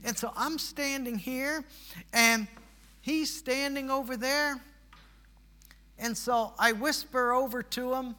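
Male preacher, sermon storytelling; high and very bright, folksy, builds to emphatic peaks. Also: fairly even intonation, slow pace, long pauses.

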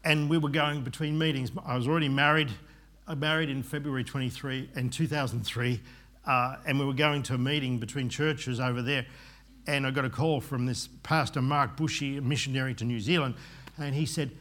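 A man's voice: mid-range voice, fairly even intonation, brisk, a bit bright. Male pastor, fifties, earnest sermon delivery with rambling asides, mid-range voice.

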